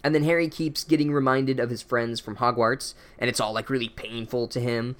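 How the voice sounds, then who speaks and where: A man's voice: medium pitch, fairly even intonation, fairly quick, a bit bright. A young man recapping a book chapter with sarcastic, profane comedy and mock-academic asides.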